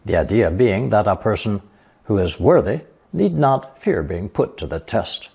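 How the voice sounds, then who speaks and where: Male teacher, lower voice, unhurried scripted lesson delivery, a bit breathy. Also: big pitch swings, darkish tone. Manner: slow, measured explanations with example sentences read aloud. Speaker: language teacher.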